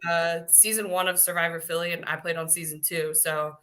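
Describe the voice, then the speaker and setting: A woman's voice: fairly low pitch, level tone, fairly quick, pushed and bright. A woman co-hosting a podcast, talking in a bubbly, gushing way. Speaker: podcast co-host. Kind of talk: casual chat.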